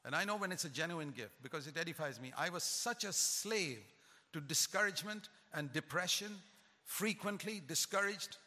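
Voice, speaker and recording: An older man preaching a sermon, emphatic and rising in pitch to stress his points. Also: expressive, normal speed, pushed and bright. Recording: long hall reverb.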